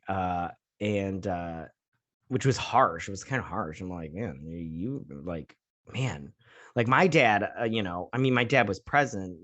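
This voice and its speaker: A man in his thirties talks through an episode recap in a loose, rambling way. His voice is animated and bounces up and down in pitch, and he keeps slipping into goofy voices to act out the characters' lines. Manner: rambling, acts out scenes in silly voices. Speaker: host. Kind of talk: casual recap and review.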